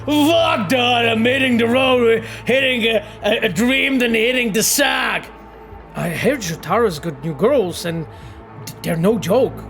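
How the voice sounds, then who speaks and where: Gruff, weary street fixer. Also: male voice, extremely high pitch, a bit bright, heavily acted. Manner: gruff, profane banter.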